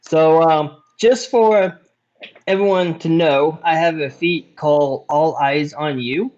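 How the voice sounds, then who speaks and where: A man playing a tabletop game, explaining his moves with pauses and restarts. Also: fairly high pitch, a little mellow, muffled recording. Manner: hesitant, with fillers and restarts. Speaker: player. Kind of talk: casual tabletop game play.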